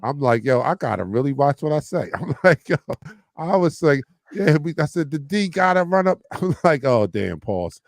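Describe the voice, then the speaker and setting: A man's voice: medium pitch, no room sound. Guy hosting a sports podcast, laughs a lot, acts out his own lines, dry close sound. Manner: laughs often, quotes himself. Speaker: podcast host. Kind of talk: casual sports chat.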